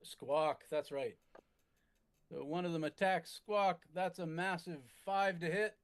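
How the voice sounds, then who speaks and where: A man narrating a tabletop game as its game master, measured and halting, with frequent restarts. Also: a little high, steady tone, smooth.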